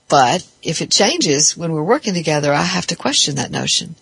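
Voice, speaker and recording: A therapist talks through ideas in a thoughtful, explaining way, often stopping to restart a phrase. The voice sits at an ordinary middle pitch. The sound is close and dry, with no room echo. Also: huge pitch swings, a little fast, creaky, hardly any pauses, fairly bright tone, slightly rough. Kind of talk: reflective spoken talk on psychology.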